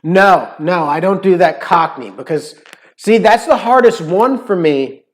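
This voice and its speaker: An American man with a high-sitting, animated voice talks a little slowly while hosting a cooking livestream. His casual chat rambles, is packed with "like" fillers, and includes playful accent imitations.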